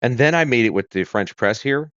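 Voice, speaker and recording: A man's voice: medium pitch, lively intonation, a little fast, fairly bright tone, clean tone, dry recording, muffled recording. A man from the United States hosting a casual livestream, chatty and rambling with fillers and self-corrections. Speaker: livestream host. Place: home room with a kitchen corner. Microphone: streaming setup.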